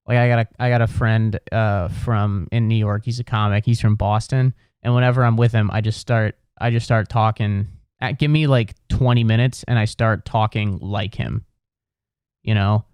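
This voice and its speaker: A man's voice: on the low side, a little mellow, smooth, dry recording, clean studio sound. Rambling, profane Ohio man. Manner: rambling, profane, full of restarts. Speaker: podcast host. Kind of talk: comedic solo podcast rant.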